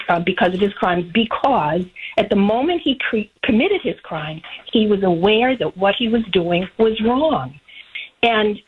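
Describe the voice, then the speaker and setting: Husky woman caller on a tinny phone line. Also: mid-range voice. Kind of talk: phone-in call.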